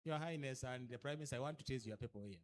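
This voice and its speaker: A man's voice: medium pitch, rapid-fire. A man with a Ugandan accent giving a training lecture to cultural leaders, emphatic and pressing them with repeated rhetorical questions, switching between English and a local language. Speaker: speaker at a cultural leaders' orientation.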